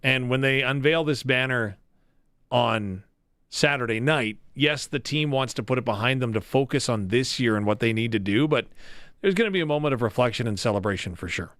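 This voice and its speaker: Joking Canadian sports radio host. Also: male voice, medium pitch, fairly quick, dry recording, studio quality. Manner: lively, joking interviewer. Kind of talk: radio interview and call-in chat.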